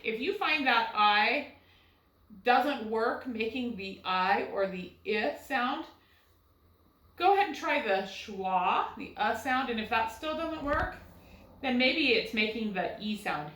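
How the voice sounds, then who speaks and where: A woman's voice: a little high, lively intonation, measured pace, a bit bright, reverberant, poor audio. A woman teaching a recorded first grade phonics lesson, patiently sounding words out syllable by syllable and asking guiding questions. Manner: asks rhetorical questions to guide young students.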